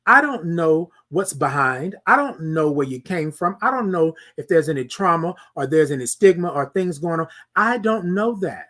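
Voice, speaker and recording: A man's voice: fairly high pitch, normal speed, hardly any pauses. A man hosting a casual monologue podcast, talking animatedly and preaching to listeners. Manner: animated, preachy, asks listeners "y'all feel me". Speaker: podcast host.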